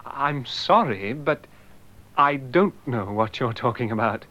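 A man's voice: medium pitch, animated, sharp tone. A polite, puzzled young man. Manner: slow, polite, with awkward laughs. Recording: dull lo-fi old tape.

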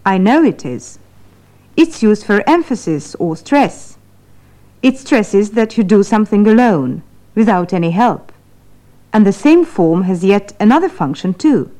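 A woman's voice: mid-range voice, very animated, a little slow, warm tone. Playful woman presenting a radio English lesson. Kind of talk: scripted radio lesson banter.

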